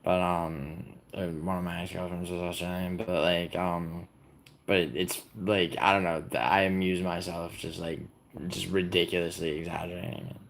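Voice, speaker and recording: A young man from the United States talks loosely to his livestream audience, teasing commenters and rambling in a low, gravelly voice. His speech is full of "like" and restarts. A faint hiss of noise sits under the recording. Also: little pitch movement, moderate pace. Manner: rambling, heavy on "like", teasing viewers. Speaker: livestream host. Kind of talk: casual livestream chat reading comments.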